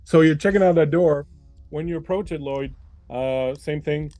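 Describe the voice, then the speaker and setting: A man's voice: a little high, normal speed, warm tone, no room sound, soft background music. A man running a tabletop game as game master, narrating loosely with plenty of fillers and restarts.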